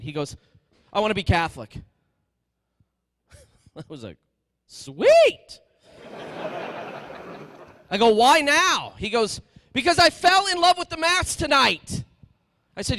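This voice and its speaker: Brief: fired-up male priest, dry close mic, high-pitched, echoing hall. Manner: energetic, animated, calls for crowd replies. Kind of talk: lively parish talk.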